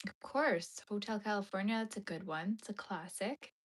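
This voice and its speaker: A young woman hosting a casual crochet livestream from her home, chatting with viewers and sometimes dropping into soft murmurs and whispers. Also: medium pitch, normal speed. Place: home crafting room.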